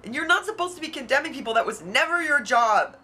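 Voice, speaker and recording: Woman, heated vlog rant, blunt and swearing, higher-pitched, forceful tone. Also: lively intonation, quick pace. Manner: outspoken, blunt, swears freely; heated, frustrated. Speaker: YouTuber. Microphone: camera mic.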